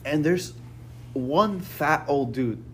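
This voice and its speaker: A young man casually telling a rambling, profane story to friends, peppered with "bro" and "right?"; he says he is a little high. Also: lively intonation, slow, a little hiss or hum.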